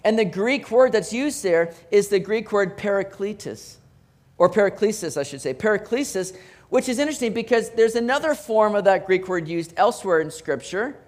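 A man preaching a sermon as pastor, animated, with emphatic rising bursts and repeated words. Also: sits high, a little fast, few pauses.

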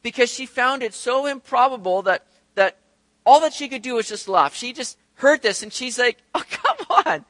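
A man preaching a sermon in a conversational, animated way, asking rhetorical questions and acting out the voices he quotes. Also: extremely high pitch, moderate pace, no room sound. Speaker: pastor.

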